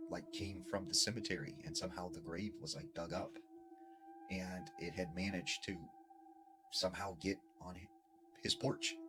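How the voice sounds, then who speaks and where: A man retelling a creepy story in a casual way, with lots of fillers and dramatic pauses. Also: sits low, background noise. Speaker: storyteller in a TikTok clip.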